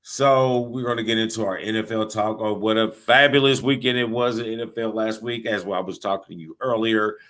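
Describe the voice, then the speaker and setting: A man's voice: fairly low pitch, fairly bright tone. A man hosting a sports podcast, reading sponsor plugs and talking football in a loose, joking, trash-talking way. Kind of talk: casual sports talk with sponsor reads.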